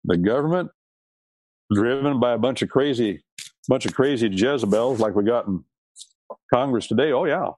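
A man's voice: medium pitch, expressive, normal speed, long pauses, a little mellow, no room sound. A man preaching a sermon on scripture and law, stressing and repeating key words.

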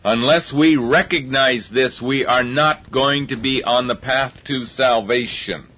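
Husky-voiced man preaching earnestly. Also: mid-range voice, measured pace. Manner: earnest, repeats himself while reasoning. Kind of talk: sermon. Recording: dull lo-fi recording.

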